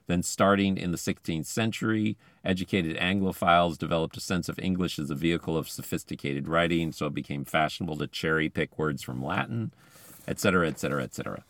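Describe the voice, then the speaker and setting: A man with a notably low, deep voice reads an article aloud, stopping now and then for eager, chatty asides. He sounds close and dry, seated in a car with no room echo. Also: fast talker, a bit bright. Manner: chatty, enthusiastic commentary between quoted passages. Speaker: podcast host.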